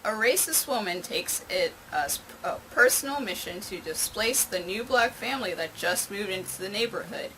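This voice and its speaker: A woman's voice: medium pitch, lively intonation, moderate pace, few pauses, bright, forceful tone, slight background noise, rough recording. A woman hosting her own movie review channel, chatty and openly sarcastic. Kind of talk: casual video review.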